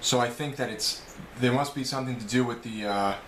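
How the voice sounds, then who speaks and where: A man with a New York accent talks casually to his camera, rambling and correcting himself as he works through a list of questions. His voice sits at an ordinary middle pitch. The room around him is roomy and echoing, with a faint hum of ambience behind. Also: brisk, a bit bright. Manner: rambling, self-correcting, chatty. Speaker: video blogger. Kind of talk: casual vlog answering questions. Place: home room.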